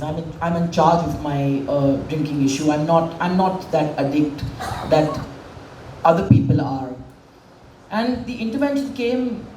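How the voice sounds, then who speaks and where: A woman's voice: fairly low pitch, mellow, slight background noise. A woman in her forties giving a candid, emotional personal speech at a public event. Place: event hall with a stage. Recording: echoey hall, voice from far off.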